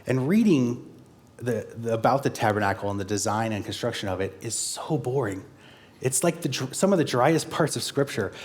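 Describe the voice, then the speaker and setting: A man's voice: medium pitch, darkish tone. A man preaching a sermon as a guest pastor, in a conversational way with frequent fillers and self-corrections.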